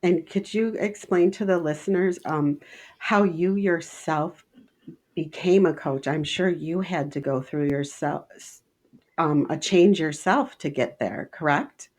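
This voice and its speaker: A woman in her fifties co-hosts a podcast and tells a personal story earnestly. Her voice sits very low for a woman. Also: slow pace, darkish tone. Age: 50s. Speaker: podcast co-host. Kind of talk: casual interview chat.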